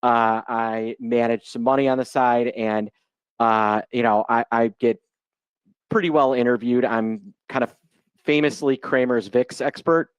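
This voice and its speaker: A man's voice: medium pitch, fairly even intonation, a little slow, clean tone, no room sound, highs cut off. A man in his forties from Chicago, giving a loose, joking live webinar talk as an options trader over a video call mic. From Chicago, United States. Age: 40s. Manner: chatty and joking, loose unscripted delivery. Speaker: guest presenter, options trader.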